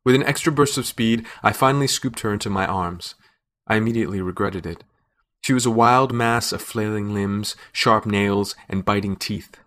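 A man narrating a fantasy story in a measured, wry storytelling manner. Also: fairly low pitch, a bit bright. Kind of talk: scripted narration.

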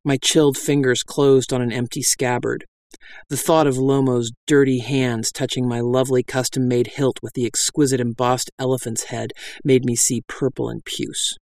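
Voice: medium pitch, level tone, moderate pace, darkish tone, no room sound. A reader narrating a comic fantasy tale in a dry, wry storytelling style. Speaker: audiobook narrator.

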